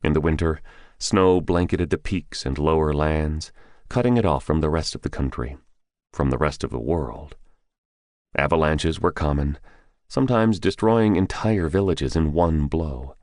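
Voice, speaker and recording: Deep-voiced male audiobook narrator. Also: a little mellow, no echo, studio quality. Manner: measured, descriptive. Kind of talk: scripted narration.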